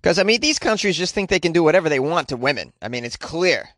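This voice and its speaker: A man's voice: fairly high pitch, lively intonation, quick pace, a bit bright, no echo, studio quality. A man giving casual, sarcastic commentary on news stories, reading out quotes and riffing on them. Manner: sarcastic, riffing asides between read-out quotes.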